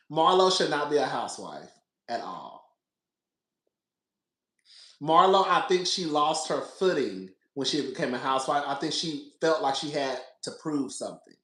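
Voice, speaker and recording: A man's voice: on the high side, sing-song, measured pace, long pauses, fairly bright tone. Sassy laughing man in an echoey room. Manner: sassy, laughs a lot, repeats himself, calls listeners "girl". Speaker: podcast host. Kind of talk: casual reality TV commentary.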